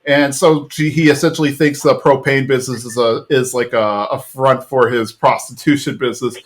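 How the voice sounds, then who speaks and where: A man hosting a podcast, recapping an episode in an animated, chatty way full of "like". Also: mid-range voice, normal speed. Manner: animated storyteller, fillers like "like". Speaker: podcast host.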